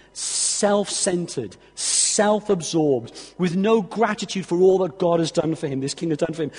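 Guy preaching in church, reads bible bits then drives it home, bit breathy, long echo. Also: sits high, darkish tone. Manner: earnest, reading scripture aloud then pressing the point. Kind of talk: sermon. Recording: long hall reverb.

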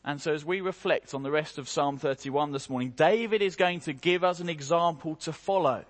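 A man preaching a morning sermon, slow and emphatic, with dramatic rises and quiet drops. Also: a little high. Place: church hall. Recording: long hall reverb.

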